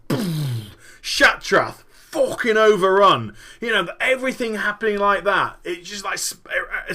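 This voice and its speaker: A man talking about games in a lively, rambling rant, swearing freely as he spins out his theories. His voice is bright and forceful, and his pitch swings widely as he builds each point. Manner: animated, swearing, vivid storytelling. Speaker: gaming podcast host. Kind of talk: animated solo commentary.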